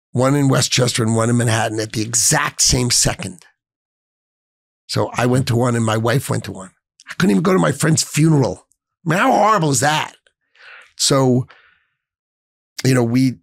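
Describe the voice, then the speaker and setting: Gravelly emotional middle-aged New man. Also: medium pitch, no room sound, clean studio sound. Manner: emotional, emphatic, jumps between hushed and raised. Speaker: finance executive, interview guest. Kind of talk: emotional interview storytelling.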